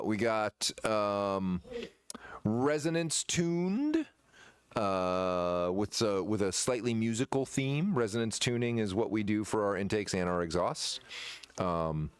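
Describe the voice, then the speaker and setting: A man who runs a shop, chatting casually in a rambling, halting way with many fillers and restarts. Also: lowish voice, clear, resonant tone, no room sound. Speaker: shop owner presenting merchandise. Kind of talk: casual chat.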